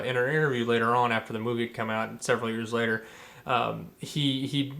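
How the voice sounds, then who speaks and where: A man's voice: mid-range voice, fairly bright tone. Rambling man chatting on a podcast. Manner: rambling, many fillers and restarts. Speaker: podcast co-host. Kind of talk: casual chat.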